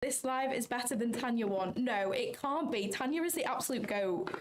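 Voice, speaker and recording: A talkative woman hosts a casual trading livestream, reading chat and thinking aloud about her trades. Her voice sits a little high, and she rambles in a loose, unscripted way with self-conscious asides. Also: moderate pace, background noise.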